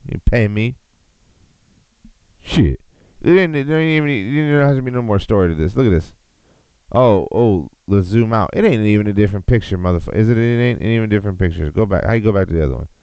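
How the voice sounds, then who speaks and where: A man's voice: fairly low pitch, vocal fry, mellow, dry recording, dull audio. A man hosting a podcast, ranting in a profane, mocking way. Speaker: podcast host.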